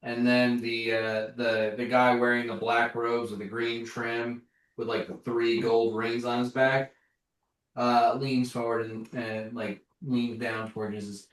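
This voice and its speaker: A man running a tabletop game as game master, narrating in a halting way with lots of fillers. The recording is roomy, with the mic at a distance. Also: mid-range voice, little pitch movement. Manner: halting, many fillers, laughs often.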